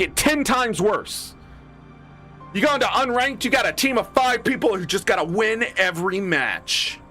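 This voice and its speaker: A high-voiced man in his thirties rants over a gaming stream, swearing freely and jumping into mock voices of other players. His tone is bright and forward, and quiet music plays underneath. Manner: profane, animated ranting with mock voices. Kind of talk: casual gaming rant.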